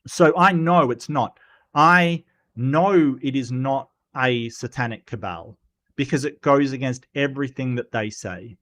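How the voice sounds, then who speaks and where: A man's voice: medium pitch, a little slow, fairly bright tone. Rambling Australian man on a livestream. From Western Australia. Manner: rambling, many ums and restarts. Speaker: livestream host. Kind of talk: casual livestream chat reading comments.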